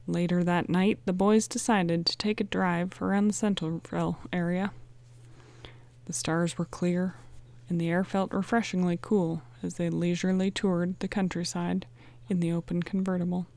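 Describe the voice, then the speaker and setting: Low-pitched woman reading a storybook. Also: fairly even intonation, moderate pace, creaky, a little mellow, dry recording. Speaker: audiobook narrator. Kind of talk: storybook narration.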